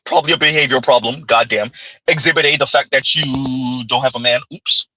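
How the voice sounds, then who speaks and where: A man's voice: mid-range voice, fairly even intonation, fairly quick, bright, forceful tone, dry recording, rough recording. A man hosting a reaction commentary, brash and teasing, with punchy asides. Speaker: commentary host.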